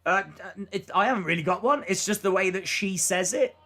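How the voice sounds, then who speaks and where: Speaking a little fast in a high, fairly bright voice, a young man gives live play-by-play commentary on wrestling during a watch-along stream. His delivery is casual and full of "uh," and he reads viewer messages aloud.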